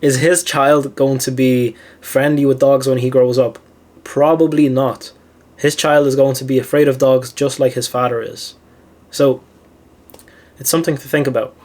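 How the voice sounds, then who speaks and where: A man's voice: medium pitch, flat delivery, normal speed, darkish tone. A man hosting a philosophy channel, telling stories from his childhood in a casual monologue full of "like" fillers and laughing at himself. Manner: chatty, many "like" fillers, laughs at own stories.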